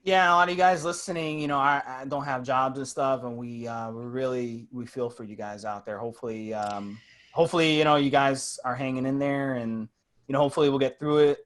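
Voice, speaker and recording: A man's voice: mid-range voice, fairly even intonation, fairly quick, a bit bright. A man co-hosting a podcast, talking in an easygoing, encouraging way. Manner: easygoing, encouraging, laughs often. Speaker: podcast co-host. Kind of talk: casual chat.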